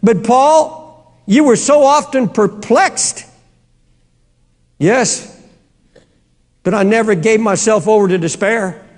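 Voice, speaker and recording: A man voicing the apostle Paul as a defiant, unshakable man of faith who shouts at times. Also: sits high, slow pace, long pauses. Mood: calm steadfast. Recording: long hall reverb.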